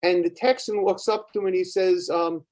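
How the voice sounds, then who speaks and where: Older Brooklyn man, podcast guest, rambling storyteller, voice slightly high. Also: steady tone, moderate pace, darkish tone, slight background noise. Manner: rambling, many fillers and restarts. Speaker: guest, psychotherapist. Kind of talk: conversational storytelling.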